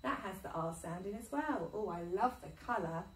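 A woman teaching a phonics lesson to young children, sounding out words slowly and praising them. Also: mid-range voice, lively intonation, echoey room, far from the mic, poor audio. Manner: sing-song, slow and encouraging, sounding out words. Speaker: infant school teacher.

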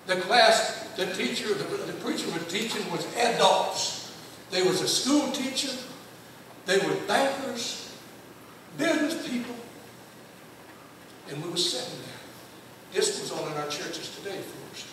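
A man's voice: high-pitched, expressive, unhurried, background noise. An older man preaching a sermon, telling a long personal story in a folksy, emphatic way. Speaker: guest preacher. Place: church sanctuary. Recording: echoey church hall from far off.

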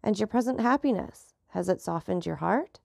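A woman's voice: medium pitch, animated, normal speed, creaky, darkish tone, no room sound, studio quality. A woman voicing a sorrowful countess in an audiobook, speaking in a plaintive, pleading way.

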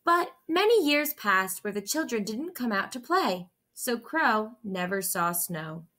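Slow, expressive woman reading a picture book. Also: on the high side. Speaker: storyteller. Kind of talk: children's picture book read-aloud.

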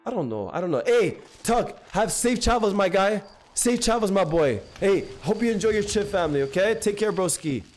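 A hoarse young man streaming a game live, chatting excitably and slangily with his viewers. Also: sits high, normal speed. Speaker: gaming streamer. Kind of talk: live gameplay commentary. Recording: noisy stream audio with clicks.

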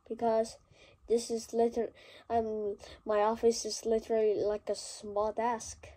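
A woman's voice: medium pitch, mellow. A woman giving rambling, self-mocking commentary while playing a game at a small desk at home. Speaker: gameplay vlogger. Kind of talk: casual gameplay commentary.

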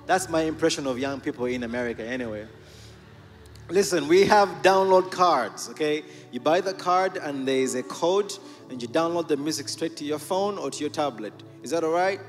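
A man's voice: fairly high pitch, moderate pace. A man representing a visiting ministry, making playful, joking announcements to a church congregation. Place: church sanctuary. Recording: church hall reverb with faint music.

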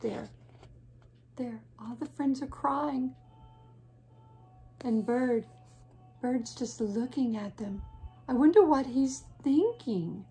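Breathy woman reading to kids, slow. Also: sits high, faint music behind. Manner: gentle, soothing, often whispery asides. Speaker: teacher. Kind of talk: reading a picture book aloud to children.

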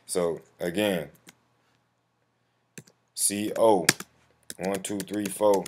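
A man's voice: sits low, fairly even intonation, very slow, background noise. A man talking casually through a step-by-step online form, calling the viewer bro and swearing now and then, with typing and clicks behind him. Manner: slangy, addresses viewer as bro; profane when flustered. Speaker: tutorial host. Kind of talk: casual screen-recorded walkthrough. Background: keyboard typing and mouse clicks.

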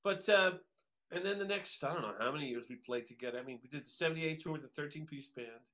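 A guest musician from the New York area tells stories casually, packing in fillers and acted-out quotes. His voice is on the high side, pushed and bright, and he talks fast.

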